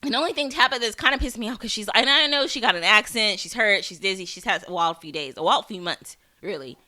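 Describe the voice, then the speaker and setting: Bright-voiced chatty woman podcaster. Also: medium pitch, fast. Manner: chatty, rambling, with many fillers and restarts; animated, swears for emphasis. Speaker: podcast host. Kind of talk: casual TV episode recap.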